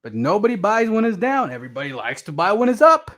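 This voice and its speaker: A man hosting his own stream, delivering a blunt, profane motivational rant that keeps repeating itself and swings between loud and quiet. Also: high voice, very animated, quick pace. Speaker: crypto streamer.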